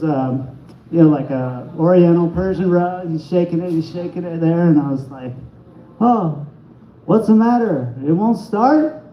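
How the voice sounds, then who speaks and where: A fairly high-voiced man talks his way through a stand-up set, halting and restarting as he rambles and mocks himself. He is recorded in an echoey small bar with a muffled, lo-fi sound. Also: slight background noise. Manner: rambling, self-deprecating, halting delivery with restarts. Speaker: stand-up comedian at an open mic. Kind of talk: stand-up set with crowd work. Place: small bar comedy venue.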